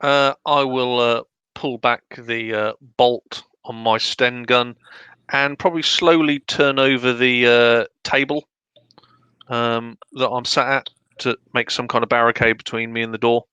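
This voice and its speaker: A man with a bright, smooth, resonant voice plays in an online tabletop game. He lays out his character's moves deliberately, filling pauses with uhs. The sound is dry and close. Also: medium pitch, fairly even intonation, no room sound. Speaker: player. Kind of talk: tabletop role-play chat.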